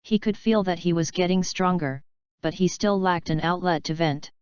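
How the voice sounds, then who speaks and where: A woman reading a fanfiction audiobook aloud in a steady, even narration. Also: fairly low pitch, normal speed, clear, resonant tone, no room sound, highs cut off. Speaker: audiobook reader. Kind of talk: scripted narration.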